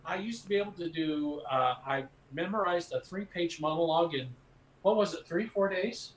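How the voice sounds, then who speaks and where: An older actor chatting in a rambling, anecdotal way, chuckling between stories. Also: male voice, fairly high pitch, normal speed, a little hiss or hum. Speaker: actor guest. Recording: roomy echoey sound.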